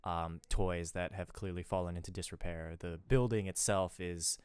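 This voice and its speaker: A man narrating a tabletop game as game master, in a low, slow, ominous tone with some hesitations. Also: steady tone, clear, resonant tone, no room sound, studio quality.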